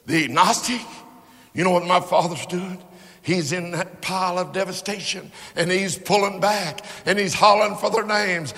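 A man preaching a sermon, telling a story slowly and building to impassioned, shouted peaks. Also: sits high, fairly even intonation, in a large hall.

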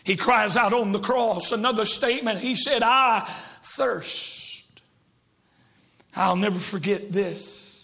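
A male evangelist preaching a sermon, breaking into shouts and dropping to hushed quotes, with joking asides to the congregation. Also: sits high, moderate pace, hardly any pauses.

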